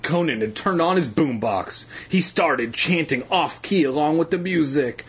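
A man's voice: a little high, animated, measured pace, hardly any pauses, breathy edge. A man reading a children's story aloud, dropping irreverent, crude joking asides. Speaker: reader. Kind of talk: comedic storybook read-aloud.

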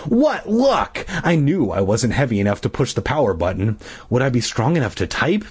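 Husky man reading a kids' novel. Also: medium pitch, very animated, brisk, a little mellow. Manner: adds wry asides and corrections. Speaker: reader. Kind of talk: reading a children's novel aloud with asides.

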